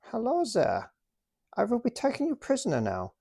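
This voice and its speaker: A man's voice: high voice, huge pitch swings, normal speed, creaky, mellow, husky, no echo, studio quality, voice pushed up, heavily acted. A man voicing a posh male British army officer who stays polite but firm. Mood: smug, polite. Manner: clipped upper-class politeness.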